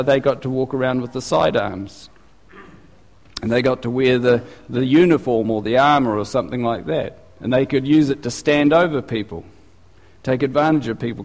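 Conversational pastor. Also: male voice, medium pitch, darkish tone, big-room sound. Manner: conversational, asks the congregation questions. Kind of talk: sermon.

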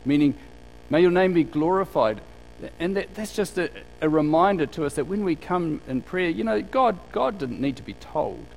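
A man's voice: on the high side, animated, normal speed, creaky, slight background noise, poor audio. A man preaching a conversational sermon in a church, asking the congregation rhetorical questions and acting out what people say. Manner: acts out quoted speakers in a livelier voice. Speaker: pastor.

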